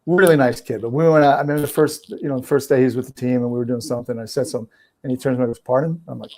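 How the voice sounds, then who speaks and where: A man's voice: mid-range voice, fairly even intonation, racing, darkish tone. A middle-aged man with a New Jersey accent, a trainer guest telling easygoing, joking stories in a casual chat.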